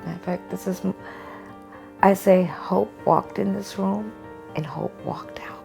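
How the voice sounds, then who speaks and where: Her voice is mid-range and gravelly, with fairly even intonation and an unhurried pace, heard over music. Interviewed at home for a documentary, the woman shares a personal story in an earnest, heartfelt manner, slipping into a sing-song tone for others' words.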